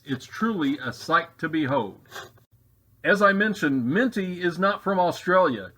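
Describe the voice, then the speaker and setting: Man, comedy narrator, deadpan mock documentary, slightly high voice, rambling asides. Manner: mock-serious, digressive asides.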